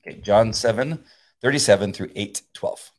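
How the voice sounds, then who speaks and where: A tired man co-hosting a casual devotional chat, relaxed and halting, full of fillers and restarts. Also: lowish voice. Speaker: podcast co-host.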